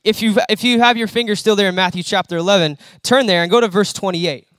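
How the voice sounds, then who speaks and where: A young man preaching a conversational sermon in a church hall, animated and acting out the quotes he tells. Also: high-pitched, quick pace, smooth, studio quality.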